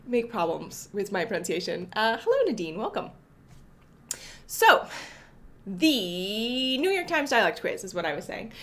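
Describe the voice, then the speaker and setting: A woman's voice: medium pitch, sing-song, measured pace, fairly bright tone. A young woman hosting a casual coding livestream from her apartment, greeting viewers by name and a little sniffly from allergies. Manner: chatty, greets viewers by name, self-correcting. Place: apartment home.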